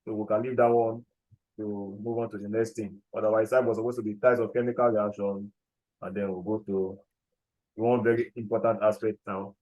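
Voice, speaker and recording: Male teacher, dictates notes slowly, checks in with class, echoey classroom. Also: lowish voice, flat delivery, dull audio. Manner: repeats key phrases slowly, checks understanding often. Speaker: chemistry teacher.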